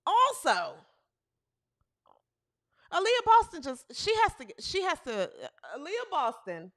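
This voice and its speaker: Very high, bright-voiced woman ranting. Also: wildly swooping pitch, slow pace. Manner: emphatic, repeats phrases for emphasis. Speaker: host. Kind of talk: sports commentary rant.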